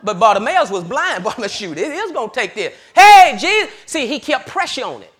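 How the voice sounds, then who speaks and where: A man preaching a sermon, swinging between loud hollering and low murmurs and laughing often. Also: very animated, a little fast, husky.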